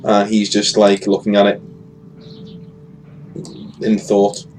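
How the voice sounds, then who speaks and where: A man's voice: fairly low pitch, completely flat delivery, takes it slowly, a little mellow, low-quality recording. A man running a tabletop game as game master, narrating with frequent hesitations and fillers. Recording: faint ambient noise.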